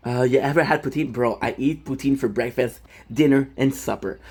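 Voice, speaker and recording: A man's voice: mid-range voice, fast talker, darkish tone, breathy edge. A young French-Canadian man, native French speaker, rambling casually on a live stream and answering chat with many fillers. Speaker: livestreamer.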